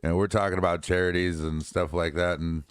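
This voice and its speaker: A man's voice: sits low, flat delivery, brisk, smooth, no echo, clean studio sound. A man co-hosting a casual podcast, talking in a loose, joking, rambling way. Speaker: podcast co-host. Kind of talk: casual chat and sign-off.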